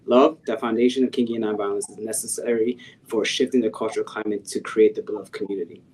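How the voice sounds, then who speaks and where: A man moderating a panel, responding to a speaker and asking the next question calmly. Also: on the low side, a little hiss or hum, poor audio. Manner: calm, measured, with ums.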